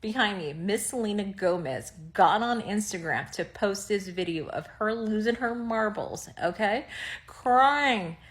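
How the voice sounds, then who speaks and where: A woman's voice: medium pitch, animated. A woman commenting theatrically, drawing out her words with mock outrage. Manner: theatrical, drawn-out, mock gasps. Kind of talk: reaction commentary.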